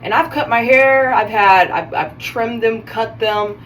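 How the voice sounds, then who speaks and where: A woman's voice: fairly high pitch, measured pace, fairly bright tone, far from the mic, poor audio. A woman hosting a casual self-care video, chatting while she styles her hair and often stopping to correct herself mid-sentence. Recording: voice a bit off-mic, faint background noise.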